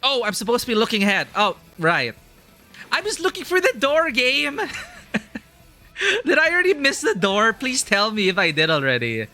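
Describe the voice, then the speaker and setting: A man talks through a video game on a live stream, rambling from one thought to the next and breaking into laughter often. His voice is bright, and game music plays softly behind him. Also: very high-pitched, wildly swooping pitch, normal speed. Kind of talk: casual live gameplay commentary.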